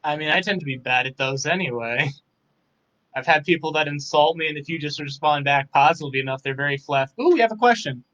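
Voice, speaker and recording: A young man with dry, self-deprecating humor, talking softly and a little tired in a casual live interview. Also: a little high, quick pace, highs cut off. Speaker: guest.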